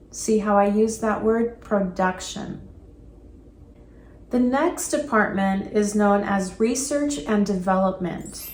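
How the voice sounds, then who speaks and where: A woman presenting an English vocabulary lesson at a mid-range pitch, clear and patient, stretching out words so learners can copy them. Her voice rings a little in an echoey room. A faint hum of ambience sits underneath. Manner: clear and patient, slowing down to model pronunciation. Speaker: English teacher.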